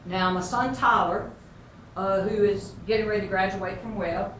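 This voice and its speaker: A woman tells folksy stories as a coach in a motivational speech. Her voice carries at a middling pitch through a big, echoing hall. The mic sits far from her, and steady noise runs underneath. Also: moderate pace. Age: 50s. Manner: folksy, earnest storyteller. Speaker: basketball coach giving a speech. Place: large hall with an audience.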